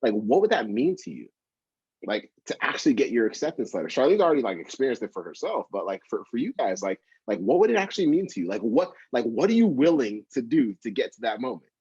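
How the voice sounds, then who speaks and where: Male host, motivating listeners; husky tone, dull dry recording. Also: medium pitch, very animated, fast, a little mellow, dry recording. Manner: encouraging, many fillers and repeats. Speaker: podcast host and co-founder. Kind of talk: interview and motivational talk.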